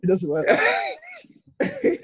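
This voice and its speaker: A young man in a casual chat, expressive, slangy and quick to laugh. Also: very high voice, a crowd in the background. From Jamaican heritage. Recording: dull lo-fi sound.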